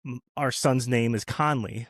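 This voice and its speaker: Male podcast guest, casual storyteller, loose and rambling, mid-pitched, dry recording. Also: unhurried, no echo. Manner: rambling storyteller, many restarts and fillers.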